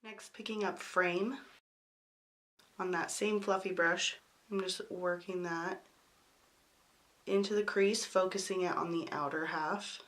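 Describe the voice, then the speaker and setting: Casting note: young woman beauty vlogger, hoarse with a cold, slightly low voice, chatty and apologetic. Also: steady tone, takes it slowly, long pauses, a bit bright. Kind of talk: makeup tutorial talk.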